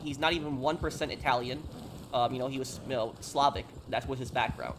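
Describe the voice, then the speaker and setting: A man's voice: mid-range voice, fairly even intonation, fast, noisy background. A young man from New York City, chatting casually while streaming a game and answering viewer questions off the cuff. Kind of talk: casual live-stream chat.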